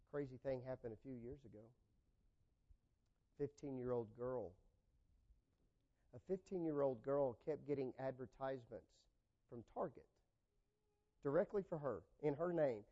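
A man preaching a sermon, swinging from loud, raised points down to quiet, low asides and acting out the people in his examples. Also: muffled recording. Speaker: pastor.

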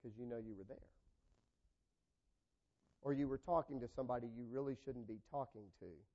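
A man preaching a sermon, swinging from loud, raised points down to quiet, low asides and acting out the people in his examples. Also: normal speed, highs cut off. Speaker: pastor.

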